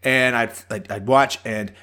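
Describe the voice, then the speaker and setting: A man chatting casually on a podcast, telling an animated fantasy football story and swearing freely. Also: mid-range voice, measured pace, clear, resonant tone. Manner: animated storytelling, acts out his own shouts. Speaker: fantasy football league member.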